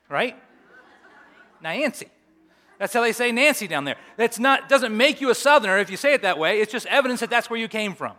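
A man's voice: high-pitched, pushed and bright. A middle-aged male pastor preaching a sermon in a conversational way, with humorous asides.

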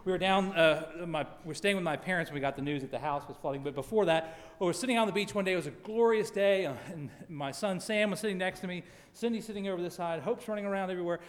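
A middle-aged man preaching a sermon, reading scripture emphatically and dropping to quiet asides. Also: high-pitched, quick pace, hardly any pauses. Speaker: pastor. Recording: long hall reverb.

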